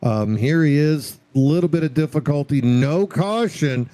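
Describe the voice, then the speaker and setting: A man's voice: fairly high pitch, expressive, measured pace, warm tone, no echo, poor audio. A man doing play-by-play commentary on a sim racing broadcast, joking and bantering with his co-host.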